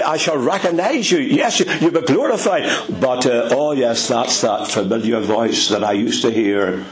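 A male preacher with an Ulster accent delivers a sermon at an unhurried pace. His pitch rises and falls dramatically as he speaks. He sometimes sinks to a hushed whisper to stress a point. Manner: dramatic, drops to whispers for emphasis; addresses listeners as dear friends.

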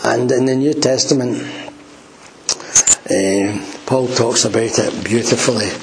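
A man's voice: medium pitch, a little slow, noisy background. A man preaching a sermon in a church, earnest and emphatic. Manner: earnest, emphatic, quoting scripture.

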